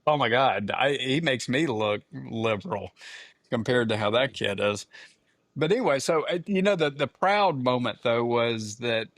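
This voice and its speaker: On a dry recording, a podcast co-host in his fifties tells a family story during casual chat, animatedly acting out the quoted lines. He speaks at normal speed in a mid-range voice.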